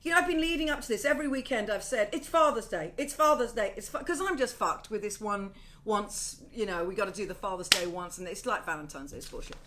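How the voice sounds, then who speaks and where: A middle-aged woman hosting her own home video show, chatty and swearing freely with animated asides. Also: mid-range voice, quick pace, slight background noise. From Wales. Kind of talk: casual home video chat. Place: home, indoors.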